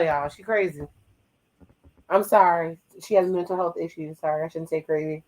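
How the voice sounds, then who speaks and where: This is casual reality-show commentary from a playful, teasing host with a medium-pitched voice, watching a dating show and relaying what everyone says in quick asides. The delivery is loose and conversational, flat recaps broken by abrupt, louder jokes. The audio quality is poor.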